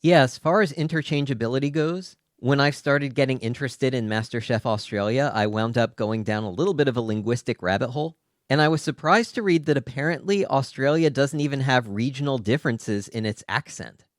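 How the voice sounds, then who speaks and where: A man's voice: medium pitch, brisk, no room sound, clean studio sound. An American man hosting a casual discussion, asking long, articulate questions. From United States. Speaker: host.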